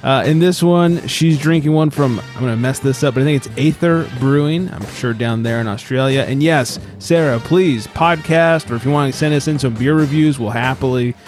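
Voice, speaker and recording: A man's voice: mid-range voice, moderate pace, hardly any pauses, a little mellow, faint music behind. A man co-hosting a podcast in casual chat, joking and rambling and swearing now and then. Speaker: podcast co-host.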